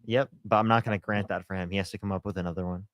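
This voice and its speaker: A man's voice: low-pitched, steady tone, racing, a bit bright, no room sound, studio quality. A man hosting a live debate stream, pressing his guests with challenges. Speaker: debate host.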